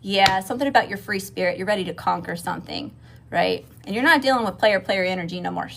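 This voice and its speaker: A woman's voice: medium pitch, fast talker, gravelly, fairly bright tone. A woman from Mississippi with a Southern accent, giving a casual livestream tarot reading, swearing freely and calling her viewers y'all. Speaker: tarot reader.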